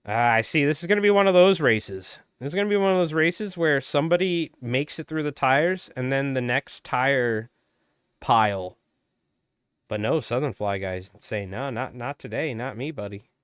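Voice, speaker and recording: A man live-streaming, his voice wearing hoarse, calling a marble race play-by-play like a playful sportscaster. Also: medium pitch, normal speed, fairly bright tone, no echo, clean studio sound. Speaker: fly tying live streamer.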